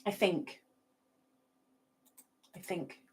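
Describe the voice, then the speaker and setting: A middle-aged woman hosting a livestream, casually chatting and reading out viewer comments with giggles. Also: very slow. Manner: chatty, giggly, sings playfully. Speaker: livestream host.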